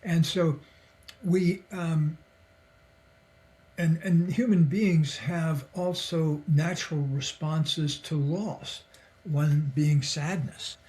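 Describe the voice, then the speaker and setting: A man's voice: a little high, drawn-out words, darkish tone. Older man telling stories with chuckles. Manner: reflective, chuckles often, acts out quoted voices. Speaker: podcast guest, psychologist and author. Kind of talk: relaxed conversational storytelling.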